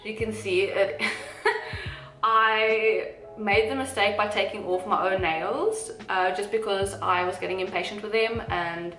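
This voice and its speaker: Chatting casually to camera, a young South African vlogger rambles and giggles through asides in an unhurried, mid-range voice that is pushed and bright, with fairly even intonation. Faint music plays in the echoey room where she records.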